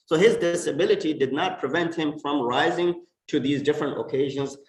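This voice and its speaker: Emphatic preacher in an echoey mosque. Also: male voice, fairly high pitch, fairly quick. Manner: emphatic, rising and falling for stress. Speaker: imam. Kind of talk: sermon. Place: mosque hall. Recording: echoey mosque hall from far off.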